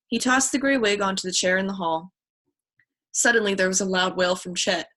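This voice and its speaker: A woman's voice: mid-range voice, a little fast, a bit bright. A woman reads a children's mystery novel aloud. She now and then stumbles and restarts a phrase. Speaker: audiobook reader.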